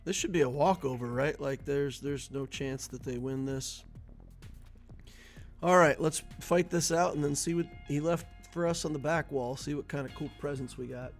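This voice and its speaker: Gravelly-voiced man telling jokes on a stream. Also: on the high side, moderate pace, soft background music. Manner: chatty, jokey, laughs at own jokes. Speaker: gaming streamer. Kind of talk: casual live-stream commentary with joke telling.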